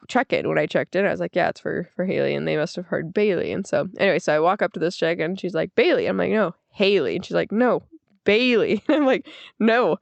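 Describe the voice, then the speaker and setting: A young woman with an American accent hosting a podcast, casually telling a story, laughing often and doing the other people's lines in a higher voice. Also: vocal fry, no room sound, lo-fi sound. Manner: giggly, acts out quotes in a higher voice. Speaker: podcast host.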